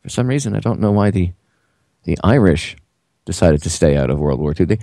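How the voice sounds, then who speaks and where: A man's voice: deep voice, expressive, fairly quick, vocal fry, dark tone, dry recording, studio quality. A man hosting a radio talk show, chatting casually about politics with blunt, wry asides.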